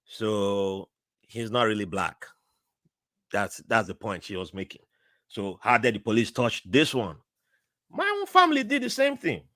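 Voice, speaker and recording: Man, Nigerian accent, podcast guest, animated storytelling, dry close sound. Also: a little slow, pauses often, no room sound. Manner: animated, acts out quoted voices with big pitch jumps. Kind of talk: casual conversational storytelling.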